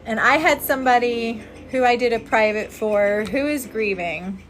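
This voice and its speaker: A woman's voice: on the high side, normal speed, a bit bright, a little hiss or hum. A woman who works as a spirit medium, chatting earnestly on a casual outdoor livestream and thanking viewers by name.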